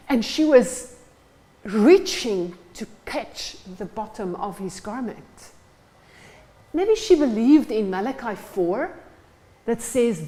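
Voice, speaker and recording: A woman's voice: on the high side, animated, slow, dark tone, rough recording. A woman preaching a sermon in church, retelling stories and acting out the scenes. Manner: storytelling, acts out the scenes.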